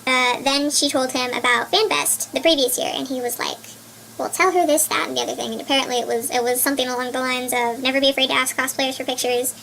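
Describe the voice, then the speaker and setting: High, bright-voiced excitable young woman. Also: a little hiss or hum, low-quality recording. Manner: excitable, rambling with stammered restarts. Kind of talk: casual storytelling vlog.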